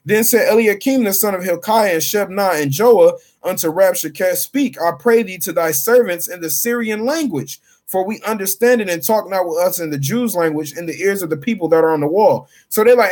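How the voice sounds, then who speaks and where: Male bible teacher, higher pitch, loose slangy delivery between scripture readings. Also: brisk, few pauses, darkish tone. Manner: casual, slangy, reads scripture then paraphrases. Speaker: street preacher.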